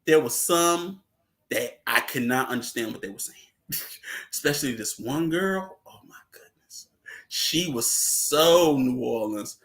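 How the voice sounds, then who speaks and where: A man's voice: mid-range voice, lively intonation, a little slow, a bit bright. Laughing, slangy man in casual chat. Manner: laughs often, loose slangy storytelling. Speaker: host.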